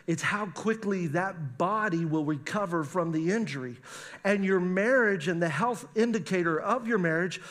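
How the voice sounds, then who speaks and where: A middle-aged male pastor preaching a sermon on marriage, animated and acting out spouses' voices. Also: high-pitched.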